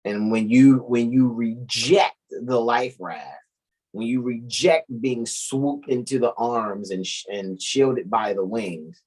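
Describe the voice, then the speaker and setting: A man's voice: medium pitch, slow, darkish tone, low-quality recording. A man co-hosting a casual podcast chat, blunt and profane with a preachy edge. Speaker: co-host.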